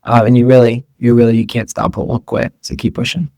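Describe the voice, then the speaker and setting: A man's voice: medium pitch, little pitch movement, a little fast, gravelly, darkish tone, no echo. A man being interviewed as a guest, talking casually and rambling, with lots of fillers and restarts. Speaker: guest entrepreneur.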